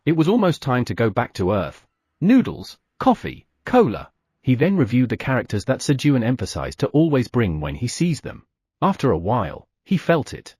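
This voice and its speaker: A man narrating an audiobook, telling the story with lively sound effects. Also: medium pitch, a little fast, husky, no room sound, clean studio sound.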